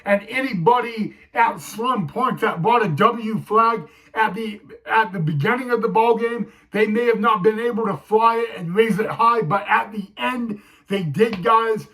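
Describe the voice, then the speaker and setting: Slow-talking, high-voiced emotional fan vlogger man. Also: sharp tone, rough recording. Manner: emotional, repeats "guys" often. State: teary, choked up. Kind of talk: fan recap vlog.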